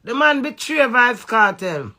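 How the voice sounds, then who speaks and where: A Jamaican woman in an angry, profane social media rant, veering between loud outbursts and low muttering. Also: very animated, unhurried. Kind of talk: ranting social media live video.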